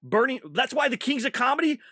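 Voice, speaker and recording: A man who is a stand-up comedian, chatting casually on a podcast, animated and laughing often with quick asides. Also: very high-pitched, no room sound, clean studio sound.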